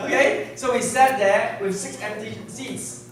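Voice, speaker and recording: A man giving a sales seminar to a live audience, constantly checking in with quick questions. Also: sits high, very animated, distant mic, noisy background. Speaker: sales trainer. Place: large hall with an audience. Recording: echoey hall, mic from afar, audience.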